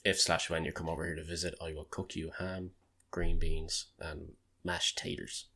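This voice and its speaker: An Irish man co-hosting a podcast, telling jokes with a quick, laughing delivery. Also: low-pitched, level tone, creaky, pushed and bright, husky. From Ireland. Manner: jokey, quick laughs, mimics voices in jokes. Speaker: podcast co-host. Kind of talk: casual chat, telling jokes.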